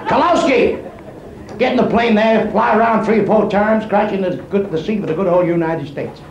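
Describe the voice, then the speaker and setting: A brash stand-up comic works a club crowd with crude jokes and barbs, his voice high and gravelly. The live recording is dull and lo-fi, with a roomy echo and clear background noise. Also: a little fast. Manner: crude, brash, needles the audience. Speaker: stand-up comedian.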